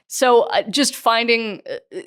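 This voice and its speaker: A woman's voice: a little high, slow pace, a bit bright, smooth. A woman in her twenties, a podcast guest chatting casually, laughing often and restarting her sentences. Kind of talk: casual chat.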